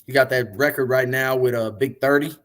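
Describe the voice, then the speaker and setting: A man being interviewed, telling long, animated, profane stories about the music business in a casual way. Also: mid-range voice, a little fast. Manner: animated, profane, rambling storyteller. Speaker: interview guest, music industry figure.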